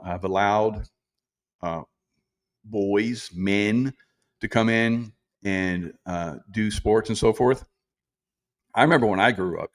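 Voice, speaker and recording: Older man, livestream host, low voice, rambling, laughs a lot, mock voices, reads chat. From South Carolina. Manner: rambling, laughing often, mocking impressions. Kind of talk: casual political commentary, reading chat comments.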